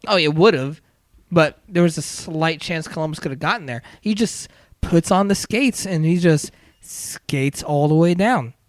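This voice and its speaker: A man co-hosting a casual sports podcast, animated and acting out quotes as he talks. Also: fairly high pitch, measured pace, dry recording. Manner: animated, acts out quotes, trails off and restarts. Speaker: podcast co-host.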